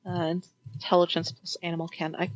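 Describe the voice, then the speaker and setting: A woman playing a tabletop game, casual and excitable, stumbling over restarts as she checks her sheet. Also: on the low side, no room sound, rough recording. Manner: excitable, flustered, quick restarts. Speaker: player.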